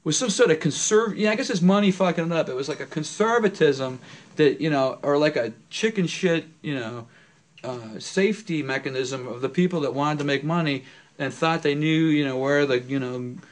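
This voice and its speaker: A man's voice: on the high side, normal speed. A man musing in an interview, searching for words and correcting himself as he goes.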